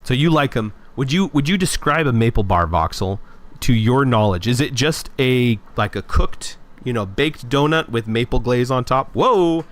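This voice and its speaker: Hosting a casual live stream, a young man talks in an animated, opinionated way, rambling and restarting often. His voice is mid-range and his pace moderate.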